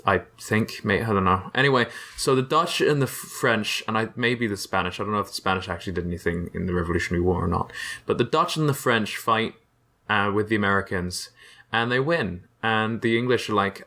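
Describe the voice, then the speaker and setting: Young male host, sharp bright tone, deadpan sarcastic history recap with lots of ums. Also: on the low side, a little fast. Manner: rambling, sarcastic, many fillers and restarts. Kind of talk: casual comedic history explainer.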